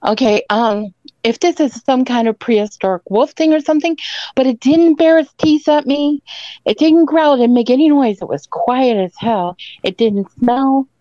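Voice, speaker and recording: A fairly high-voiced woman recounts her story in a rambling, emphatic way, pressing her points home as she goes. The sound is dull and lo-fi, and completely dry with no room around it. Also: normal speed, mellow, dry recording. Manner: rambling and emphatic, tags lines with "okay?". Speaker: caller telling an encounter story. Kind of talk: emotional first-person storytelling.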